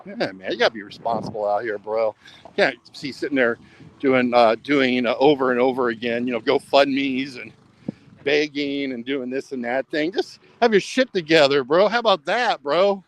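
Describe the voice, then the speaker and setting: A man's voice: medium pitch, animated, moderate pace, a little hiss or hum, poor audio. Rambling American man saying "bro". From United States. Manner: rambling, says "bro" constantly. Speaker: travel vlogger. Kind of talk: casual vlog chat. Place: outdoors and in a mini market by a beach.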